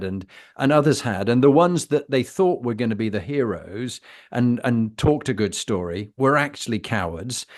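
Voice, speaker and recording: A man from Britain hosting a conversational interview, telling stories in an animated way with long wind-ups before his question. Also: medium pitch. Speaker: host.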